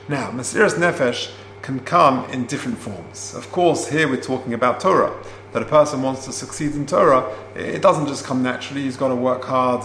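A man gives a Torah lesson, stopping to explain each Hebrew term before moving on. He tells his story at an unhurried pace, with plenty of fillers along the way. His voice sits at a middle pitch in a roomy space with a faint hum behind it. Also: fairly bright tone. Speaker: Torah teacher. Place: classroom, also streamed online.

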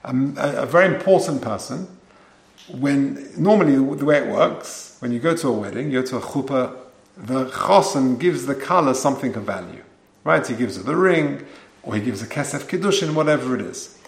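In an echoey room, a Torah teacher works through the text phrase by phrase, explaining the Hebrew in English and often starting his sentences over. His mid-range voice is expressive and has vocal fry, and he speaks at a normal speed.

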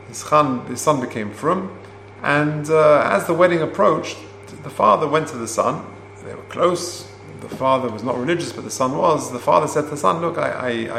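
A man teaching a Torah class, explaining Hebrew terms and telling a story in an unhurried way with many fillers. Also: on the high side, gravelly, fairly bright tone. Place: classroom, also streamed online. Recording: roomy with faint hum.

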